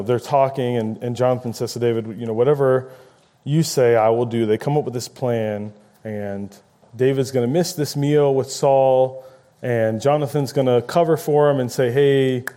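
A man's voice: mid-range voice, warm tone. A man preaching a conversational sermon, paraphrasing scripture and acting out quoted lines with rising emphasis.

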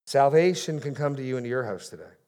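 A man's voice: mid-range voice, expressive, fast, darkish tone. A man preaching a sermon in church, reading scripture with rising emphasis on key phrases. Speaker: pastor.

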